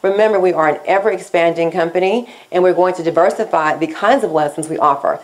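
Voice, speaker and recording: A woman teaching a scripted Spanish lesson, speaking slowly and deliberately as she switches between English and Spanish. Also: lowish voice, rough recording.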